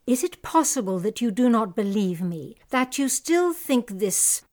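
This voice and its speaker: A young noblewoman, distressed and defiant, played by a woman, speaks with raw emotion. Her voice sits a little high. It is a dramatic reading of a classic story. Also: sing-song, a little slow, a little mellow. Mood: pleading. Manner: emotional, pleading and indignant.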